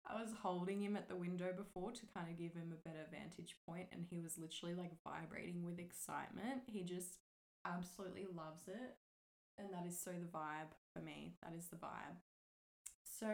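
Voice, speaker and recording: A woman hosting her own podcast in a relaxed, chatty way, her voice husky from the morning. She swears casually and laughs often. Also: lowish voice, poor audio. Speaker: podcast host. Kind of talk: casual solo podcast chat.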